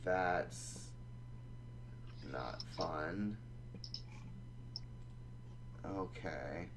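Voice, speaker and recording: A man running a tabletop game as dungeon master, narrating combat in a relaxed, halting way. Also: low-pitched, noisy background.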